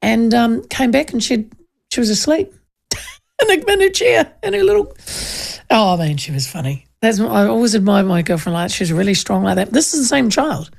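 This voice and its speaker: A woman's voice: a little high, moderate pace, vocal fry. A woman radio host with a New Zealand accent, chatting and telling funny family stories, acting out the voices. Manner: animated storyteller, acts out voices. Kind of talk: casual chat and anecdote.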